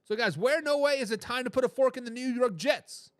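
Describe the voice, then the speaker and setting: A man with a high voice hosts a sports talk show. He hammers his points by repeating phrases and reads viewer comments aloud with a laugh. The sound is dry and close, with no room echo. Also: fairly quick. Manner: emphatic, repeats phrases for effect.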